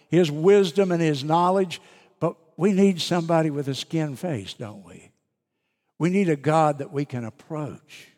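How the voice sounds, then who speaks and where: A man preaching a sermon as pastor, earnest and emphatic with deliberate pauses. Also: fairly high pitch, a little mellow, in a large hall.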